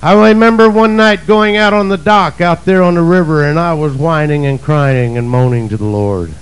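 A male preacher delivering a sermon, emphatic and swinging between shouts and low asides. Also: normal speed, clean tone, poor audio.

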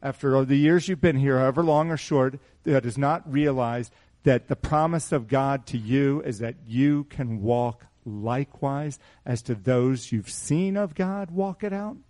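A middle-aged man preaching a sermon in a small church, asking the congregation rhetorical questions in an animated way. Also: mid-range voice, a little slow. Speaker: pastor.

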